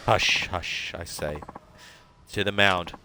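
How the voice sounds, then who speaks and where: A man's voice: low voice, steady tone, takes it slowly, pushed and bright, soft background music, heavily acted. A man reading aloud as a drunk, folksy, boastful middle-aged former ballplayer. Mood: belligerent.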